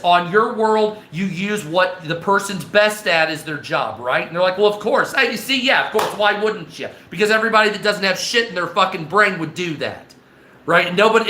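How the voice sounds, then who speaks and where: A man's voice: sits high, sharp tone, echoey room. A man hosting a livestream, rambling and swearing as he acts out imagined conversations in a casual monologue. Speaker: livestream host.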